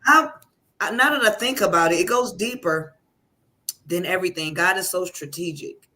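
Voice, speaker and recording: A woman's voice: on the low side, normal speed, pushed and bright. Fervent woman giving an emotional testimony. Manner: fervent, effusive, praising God. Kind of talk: emotional testimonial on a live call.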